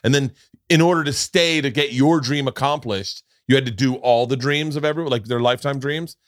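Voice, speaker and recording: Podcast host, male, animated yarn-spinner with big vocal swings; dry, close sound. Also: brisk, no echo. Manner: animated, acts out quotes with big pitch jumps. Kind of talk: casual storytelling chat.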